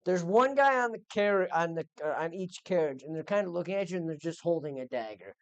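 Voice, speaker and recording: Woman GM with a low voice and a loose, rambly, casual delivery. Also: lively intonation, a little fast, no echo. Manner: casual, rambling, lots of fillers and swearing. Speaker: game master. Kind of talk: narrating a tabletop game.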